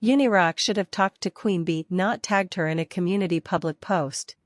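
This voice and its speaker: Woman narrator, low, matter-of-fact read-out. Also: moderate pace, no echo, studio quality. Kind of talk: read-out commentary.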